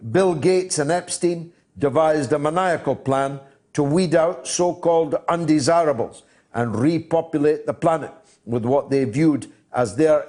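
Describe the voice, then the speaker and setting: A Scottish man in his sixties hosting a call-in radio talk show, reading out listener messages in a dry, measured way. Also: fairly high pitch, darkish tone. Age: 60s. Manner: dry, measured, with frequent uh fillers.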